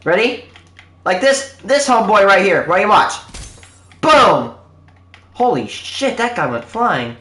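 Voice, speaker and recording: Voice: mid-range voice, very animated, moderate pace, bright, forceful tone, roomy sound. A live streamer chatting casually to viewers while opening loot, in a hyped game-show-host manner.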